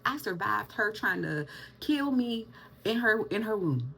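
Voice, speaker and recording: A young woman telling a personal story to camera in an animated, chatty way, calling her viewers y'all. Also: medium pitch, measured pace, gravelly, a little hiss or hum. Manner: animated, addresses viewers as y'all, Southern US slang. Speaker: vlogger.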